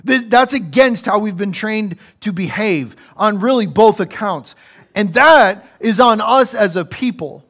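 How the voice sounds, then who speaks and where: A man's voice: high-pitched, expressive, measured pace, fairly bright tone. Conversational man preaching a sermon. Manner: conversational and humorous, builds to raised emphatic delivery.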